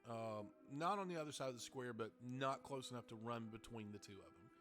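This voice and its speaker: Male GM, bright tone, rambling narration. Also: medium pitch, fairly quick, soft background music. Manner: rambling, self-correcting. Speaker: game master. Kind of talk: narrating a tabletop game.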